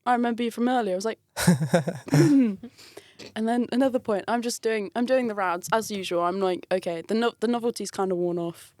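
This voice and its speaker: A woman's voice: medium pitch, quick pace, hardly any pauses. A woman in casual conversation, telling a work story with lots of laughter and acted-out quotes. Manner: animated, laughs often, acts out quoted voices.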